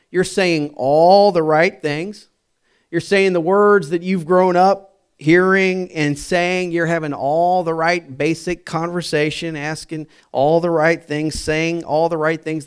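Story-telling male preacher, fairly high voice. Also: steady tone, slow pace, smooth. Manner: conversational storytelling, many fillers and restarts; builds to emphatic repetition. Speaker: pastor. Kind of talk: sermon with personal story.

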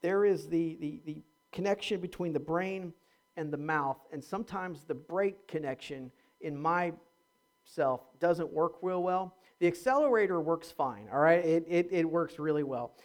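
A male pastor delivers a sermon in a fairly high, unhurried voice. He's animated, swinging between loud and hushed, and stumbles into repeats when he gets going.

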